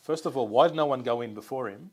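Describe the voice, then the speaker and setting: Man telling a lively security story. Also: medium pitch, quick pace, breathy edge. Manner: lively anecdotes with laughs. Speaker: podcast co-host. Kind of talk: casual storytelling in conversation.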